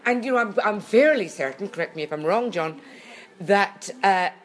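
A woman co-hosting a casual chat, halting and full of restarts, with a recurring cough. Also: medium pitch, faint music behind. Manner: halting, full of restarts and fillers, animated when indignant. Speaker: podcast co-host.

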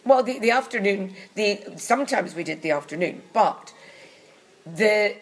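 Recalling her acting days in an anecdotal interview, a woman spins wry, bawdy tales and does comic voices for the characters. Her medium-pitched voice has lively intonation and a measured pace, though the recording quality is low.

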